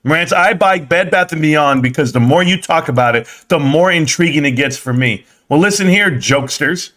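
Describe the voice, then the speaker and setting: A man's voice: a little high, lively intonation, moderate pace, a bit bright. A man hosting a live stream, ranting sarcastically about stocks and scolding his viewers. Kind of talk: ranting stock market commentary.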